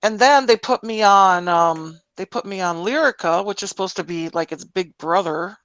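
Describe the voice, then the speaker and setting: A woman's voice: medium pitch, normal speed, a bit bright, no echo, rough recording. A woman co-hosting a live stream, reading chat comments and talking about her own experiences in a matter-of-fact way. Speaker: stream co-host. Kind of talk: casual chat.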